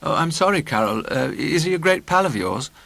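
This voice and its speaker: A man's voice: a little high, sing-song, brisk, gravelly, fairly bright tone, no room sound, pitched above the performer's own voice, full character voice. A man reading an uneasy young lecturer. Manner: hasty, apologetic.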